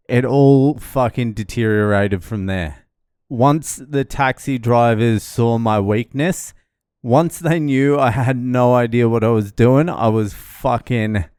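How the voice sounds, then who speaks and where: A man's voice: mid-range voice, smooth, dry recording, clean studio sound. A middle-aged man swearing freely as he recounts a stressful arrival in a casual travel vlog. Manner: swearing, animated storytelling. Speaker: vlogger.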